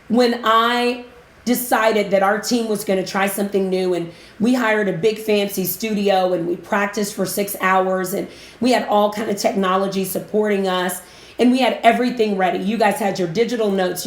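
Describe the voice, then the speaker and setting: A woman hosts a live business-coaching stream and talks to her viewers in a chatty way. She sounds emotional and close to tears as she talks. Her voice sits at a middle pitch and carries a roomy echo. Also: steady tone, moderate pace. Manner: chatty, gives shout-outs. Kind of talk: casual live-stream talk.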